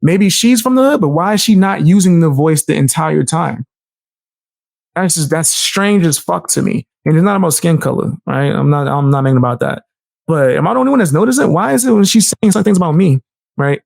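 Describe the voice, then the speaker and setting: Animated, profane, gravelly-voiced man. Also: a little high, brisk, no room sound, studio quality. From United States. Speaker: streamer reacting to a video. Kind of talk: live stream reaction commentary.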